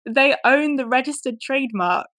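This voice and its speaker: A woman's voice: sits high, expressive, moderate pace, a bit bright, no room sound, clean studio sound. A young woman co-hosting a podcast in casual chat, laughing often as she talks. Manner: giggly, laughs often, chatty. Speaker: podcast co-host.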